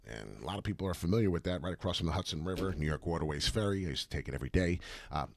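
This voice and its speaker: A man hosting excited crypto chart commentary, repeating himself and dropping rhyming asides. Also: deep voice, racing, vocal fry, no echo. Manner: animated, repetitive, rhyming asides. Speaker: crypto chart analyst host.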